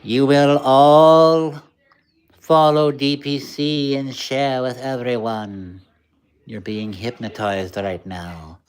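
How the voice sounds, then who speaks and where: A man's voice: low-pitched, fairly even intonation, voice pushed down. A man voicing a solemn hypnotist who draws out his commands. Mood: hypnotic. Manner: drawn-out, commanding. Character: slow, solemn male hypnotist.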